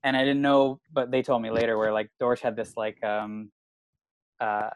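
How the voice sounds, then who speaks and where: A man's voice: mid-range voice, fairly even intonation, normal speed, smooth, dry recording. A man, a comedian telling a long story in casual chat, rambling and swearing with constant filler words. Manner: rambling, profane, full of "like" fillers. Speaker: stand-up comedian.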